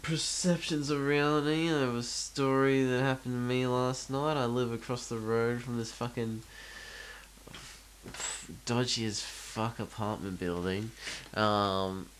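Male podcast co-host, unhurried and easygoing, swears and rambles casually. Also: mid-range voice, fairly even intonation, a little hiss or hum. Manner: laid-back, swearing, rambling storyteller. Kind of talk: casual chat.

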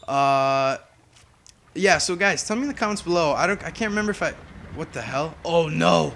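A man's voice: on the high side, expressive, normal speed, gravelly, fairly bright tone, slight background noise. A young man giving casual, chatty gameplay commentary as a YouTuber, humming and drifting off topic. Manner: chatty, distracted, hums to himself. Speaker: gaming YouTuber.

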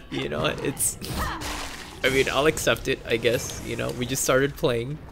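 With background noise behind him, a young co-op streamer talks slowly in a medium-pitched voice with vocal fry. He's casual and excitable, laughing and cursing, and yelps whenever his character is hit.

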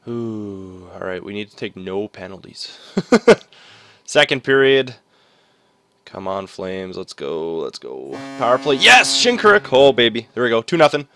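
A young man giving casual commentary over a hockey video game, swinging between groaning frustration and loud cheering. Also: lowish voice, clean tone, no room sound. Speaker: gaming commentator. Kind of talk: casual let's-play commentary.

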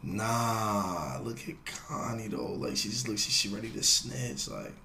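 Excitable young male streamer, roomy sound. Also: a little slow. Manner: slangy, swings from low mutters to loud excited shouts. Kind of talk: live stream reaction. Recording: roomy echo with faint noise.

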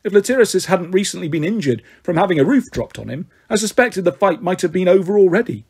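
A man's voice: high voice, expressive, quick pace, a little mellow, slightly rough. A man reading a story aloud in the first person, in a wry, dramatic storytelling manner. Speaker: audiobook narrator.

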